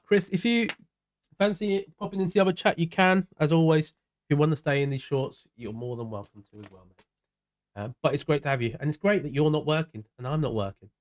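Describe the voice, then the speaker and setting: A man with a South London accent and a voice on the high side talks fairly quickly. During a live racing game stream he chats casually, greeting viewers by name and drifting into mumbled asides.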